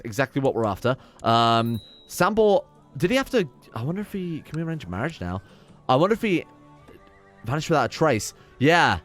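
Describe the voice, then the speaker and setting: A young man casually commenting on his strategy game, reading event text aloud, wry and swearing now and then. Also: mid-range voice. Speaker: game streamer. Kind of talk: casual let's play commentary.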